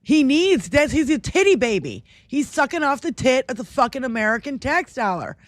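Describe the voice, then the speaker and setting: A woman's voice: sits high, very animated, normal speed, no echo, clean studio sound. A woman co-hosting a livestream, ranting about politics in heated, profane casual chat. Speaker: livestream co-host.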